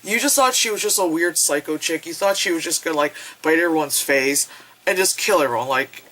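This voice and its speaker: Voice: medium pitch, fairly quick, pushed and bright, poor audio. A reviewer recapping a horror film in a casual vlog, rambling and swearing freely and acting out the characters' lines. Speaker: movie reviewer.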